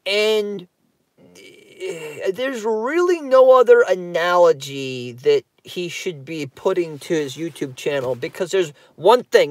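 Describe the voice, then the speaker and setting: A man's voice: sits high, lively intonation, slow, no echo. A man ranting on his own channel, profane and rambling, repeating himself. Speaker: YouTube commentator. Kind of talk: ranting commentary.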